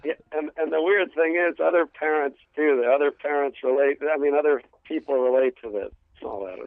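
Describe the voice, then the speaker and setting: A stand-up comedian from New York City with a New York accent, telling family stories in a casual interview, full of restarts and acted bits. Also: male voice, a little high, fairly quick, dry recording. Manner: storytelling with acted family voices, many restarts. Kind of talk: casual radio interview chat. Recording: tinny phone line.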